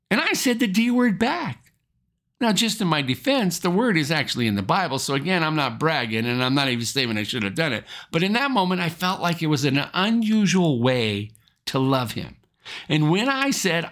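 A man's voice: on the high side, big pitch swings, moderate pace, a bit bright. A man, a pastor, preaching a sermon and telling a personal story in an earnest, storytelling way.

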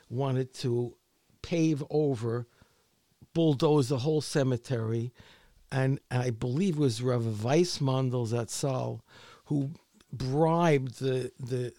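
Male author, interview guest; unhurried, gravelly, hesitant delivery. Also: medium pitch, mellow, no room sound. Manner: halting, repeats words often. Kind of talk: conversational interview.

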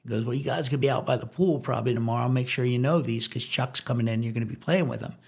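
A man, a drummer, telling a long story in casual conversation, rambling and animated, with lots of swearing. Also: medium pitch, fast, creaky, slightly rough.

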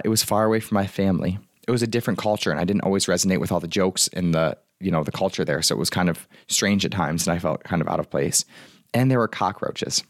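Clean and dry studio audio captures a young man's deep voice as he talks casually by himself. He's an American life coach in his apartment, rambling with plenty of fillers.

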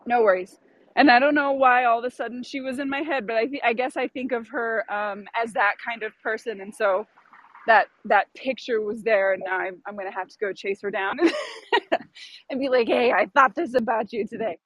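A woman's voice: a little high, fairly even intonation, brisk, a bit bright, no room sound. A woman hosting a podcast in casual chat, thoughtful and searching, with plenty of fillers and restarts. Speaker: podcast host.

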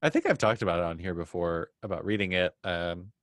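A man co-hosting a casual podcast, wry and laid-back, gently teasing his co-host. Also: low voice, a little fast, no echo. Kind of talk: casual chat.

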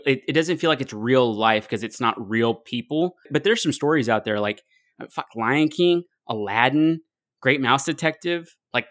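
A man's voice: mid-range voice, fairly bright tone, no room sound, clean studio sound. Blunt joking male podcast co-host. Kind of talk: casual chat.

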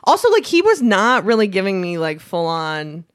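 A woman's voice: medium pitch, moderate pace, smooth. A young woman co-hosting a casual chat, telling a story with lots of swearing and laughter. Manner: animated, swears a lot, laughs often. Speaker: podcast co-host.

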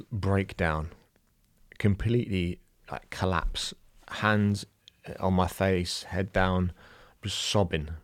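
A young Irish man telling a personal story in a halting, emotional way, full of fillers and restarts. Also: low-pitched, no echo, clean studio sound. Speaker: new father telling a birth story.

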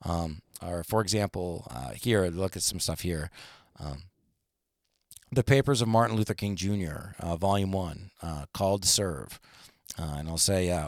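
A man co-hosting a podcast, chatting casually and retelling stories in an animated, rambling way. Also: sits low, moderate pace, no echo, studio quality. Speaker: podcast co-host. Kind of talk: casual chat.

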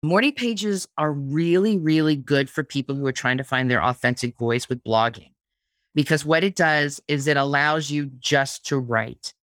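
A woman's voice: deep voice, normal speed, no room sound, studio quality. A woman guest on a podcast interview, talking casually about her craft, with frequent restarts and repeated words. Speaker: guest, blogging teacher.

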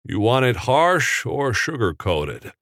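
A man's voice: mid-range voice, very animated, slow, fairly bright tone, no room sound, studio quality, voice pushed up, heavily acted. A man playing a good-humored veteran male film star who speaks with a folksy drawl. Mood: teasing.

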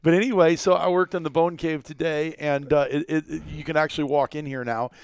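A man's voice: a little high, steady tone, fairly quick, clean tone, no room sound. A man hosting a casual podcast from a small media room at his business, rambling and joking with plenty of fillers. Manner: rambling, filler-heavy, jokey. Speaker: podcast host.

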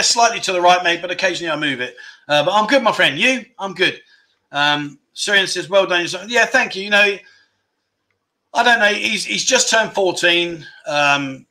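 Chatty, bright-voiced host. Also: male voice, on the high side. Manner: chatty, self-deprecating, rambling. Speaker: livestream chat show host. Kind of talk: casual livestream chat reading viewer comments.

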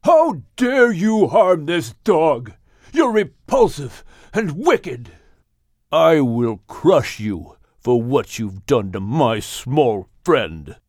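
A man's voice: a little high, very animated, very slow, darkish tone, dry recording, clean studio sound, full character voice. A man voicing a grown man in a storybook who is fierce toward enemies and tender toward friends. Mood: furious. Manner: impassioned, emphatic.

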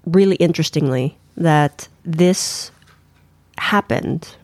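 A woman co-hosting a podcast, talking in a relaxed, teasing way with some hesitation while reviewing a series. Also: low-pitched, slow pace, dry recording. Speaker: podcast co-host. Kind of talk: casual review chat.

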